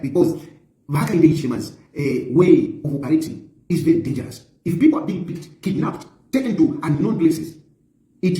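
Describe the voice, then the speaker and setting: A middle-aged man delivers a fiery political address, hammering points home through repetition. His voice sits high and swings widely in pitch, with a mellow, dark tone. The recording has a roomy echo. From Zambia. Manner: emphatic, repetitive, accusatory. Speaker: opposition politician.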